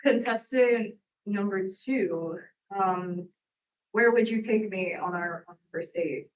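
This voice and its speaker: A woman's voice: mid-range voice, takes it slowly. A woman taking part in an improv game, asking questions hesitantly with many ums. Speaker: improv player, the guesser. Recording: distant mic in a room.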